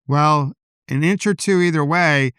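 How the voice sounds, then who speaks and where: A man hosting a solo podcast, talking in a calm, personal, reflective way into a podcast microphone. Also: on the high side, measured pace, clean tone, no echo, studio quality. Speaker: podcast host.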